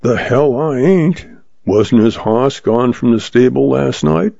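Slow-witted sheriff, blustering, dark and gravelly, read by a man. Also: medium pitch, no echo. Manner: blustering, dim. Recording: dry, slightly muffled lo-fi.

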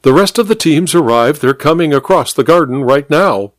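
A man voicing a calm, observant older duchess in a radio mystery. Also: a little high, normal speed, no room sound, clean studio sound, voice pushed up, natural voice. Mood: knowing.

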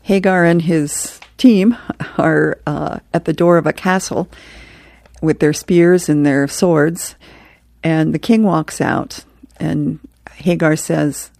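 Low, gravelly-voiced woman host. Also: takes it slowly, no echo. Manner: relaxed, chuckles at the jokes. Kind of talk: reading comics and history aloud.

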